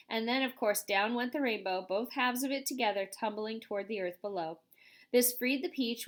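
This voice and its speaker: A woman reading a children's storybook aloud in an animated, expressive way. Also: on the high side. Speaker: reader.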